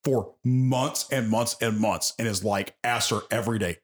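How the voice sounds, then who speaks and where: A man's voice: fairly low pitch, moderate pace, a little hiss or hum. A young man casually retelling a story on a podcast, acting out the quotes and swearing freely. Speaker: presenter of an anime.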